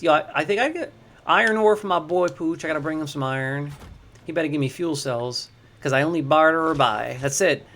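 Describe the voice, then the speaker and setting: A young man chatting excitedly to his viewers while building in a game, slangy and easily distracted. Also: a little high, a little fast. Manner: chatty, hyped, slangy, talks to chat as crew. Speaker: game streamer. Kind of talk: casual livestream commentary.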